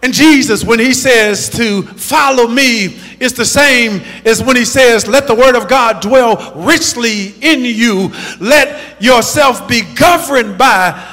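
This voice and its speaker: Preacher, male, high bright tone, emphatic rhythmic sermon, long hall reverb. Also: slow, few pauses, faint music behind. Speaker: pastor.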